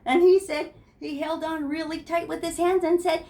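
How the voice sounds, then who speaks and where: Warm and very high, a woman's voice holds a steady tone at a moderate pace. She's teaching preschool phonics in a classroom, telling little stories to young children and making playful sounds and voices for the letters.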